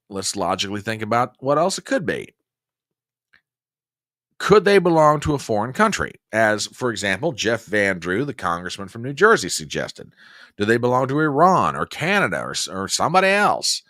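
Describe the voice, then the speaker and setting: A man's voice: on the low side, a bit bright, dry recording, clean studio sound. A man hosting a casual news commentary livestream, folksy and chatty as he talks straight to his viewers. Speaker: host.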